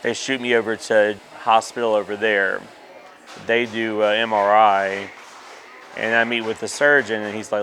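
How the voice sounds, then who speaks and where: Guy in his 30s, kinda low voice, just telling his story straight, lots of ums and uhs. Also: fairly even intonation, moderate pace, creaky, fairly bright tone, slight background noise. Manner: candid, emotional storytelling with many fillers. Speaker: interviewee. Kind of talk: personal story in an interview.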